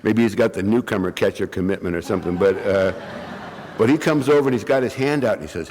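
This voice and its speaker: Speaking fast in a lowish, somewhat mellow voice, a man from California entertains a recovery meeting with a wry tale that pokes fun at himself. He has bronchitis and coughs from time to time, and he acts out the quotations. Sound bounces around the hall he's in.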